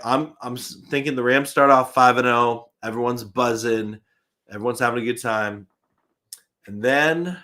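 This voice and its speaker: A man's voice: mid-range voice, a bit bright. A young man hosting a live fan stream in casual chat, reading viewer comments aloud, chuckling often and restarting his sentences.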